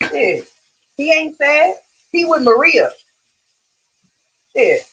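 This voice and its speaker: A woman's voice: fairly high pitch, a bit bright, slight background noise. A woman hosting a casual gossip commentary livestream, sassy and profane, talking straight to her viewers.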